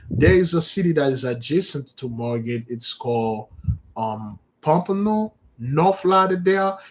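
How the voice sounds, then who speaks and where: A man preaches on a live stream in a mid-range voice. He talks in an emphatic, repetitive way, circling back over his phrases and restarting them as he presses his point. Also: mid-range voice. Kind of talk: impassioned livestream sermon.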